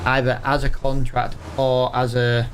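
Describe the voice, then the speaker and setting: A man's voice: medium pitch, completely flat delivery, measured pace, a little hiss or hum. A man giving casual, chatty gameplay commentary and talking to his viewers. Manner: chatty, exasperated, talks to viewers. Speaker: gaming streamer.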